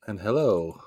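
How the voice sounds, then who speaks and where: A man's voice: lowish voice, dark tone, slightly rough, dry recording, clean studio sound. Easygoing man co-hosting a movie chat. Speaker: co-host of a live film commentary. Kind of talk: casual live movie commentary chat.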